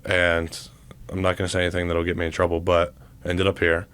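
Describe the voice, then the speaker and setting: A young man in his twenties with a deep, low voice, co-hosting a relaxed podcast chat. His delivery is laid-back and loose, with frequent filler words. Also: fairly quick, clean tone. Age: 20s. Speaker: podcast co-host, college football player. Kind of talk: casual chat.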